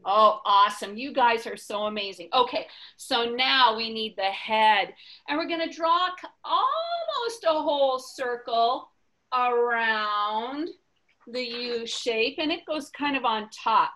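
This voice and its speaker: Brief: woman teacher, kids' drawing lesson, slow and bright-voiced, encouraging. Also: on the high side, big pitch swings. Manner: encouraging, slow and sing-song, praises often. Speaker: educator.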